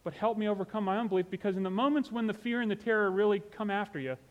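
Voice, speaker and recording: Male preacher, slightly high voice, chatty and sincere sermon delivery. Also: rapid-fire, in a large hall, phone-quality sound. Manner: conversational and earnest, with asides like "you know".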